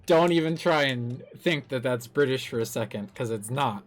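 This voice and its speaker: Giggly, lively-voiced live streamer. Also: medium pitch, normal speed, faint music behind. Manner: giggly, self-mocking, curses casually. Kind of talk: casual gameplay stream chat.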